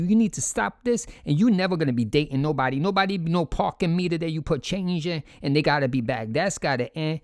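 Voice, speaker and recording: Man, commentator, emphatic, chatty, slightly high voice, dry sound. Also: no echo. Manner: emphatic, repetitive, talks to the audience as "folks". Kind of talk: casual reaction commentary.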